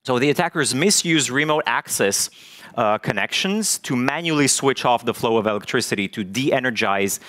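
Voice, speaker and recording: A man giving a technical conference talk, halting often with fillers and restarts. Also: medium pitch, animated, a bit bright. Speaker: conference speaker. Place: conference stage.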